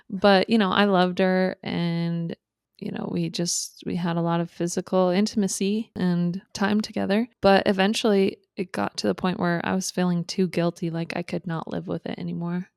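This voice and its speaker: A woman telling her own story candidly in a podcast conversation, reflective and halting, often restarting her sentences. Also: fairly low pitch, fairly even intonation, vocal fry, darkish tone, clear, resonant tone, no room sound, clean studio sound. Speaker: podcast guest.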